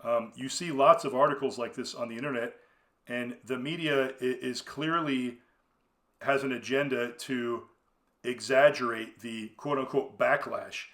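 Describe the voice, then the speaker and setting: A man's voice: mid-range voice, steady tone, measured pace, fairly bright tone. A man hosting a solo commentary podcast, talking in a rambling, conversational way full of fillers and restarts. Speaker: podcast host.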